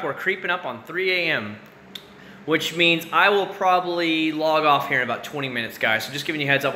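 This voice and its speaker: A man's voice: on the high side, bright, forceful tone. A man in his thirties, hosting a late-night livestream and chatting casually with his viewers. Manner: rambling, casual, chats with viewers by name. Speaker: livestream host. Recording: roomy echo with faint room noise.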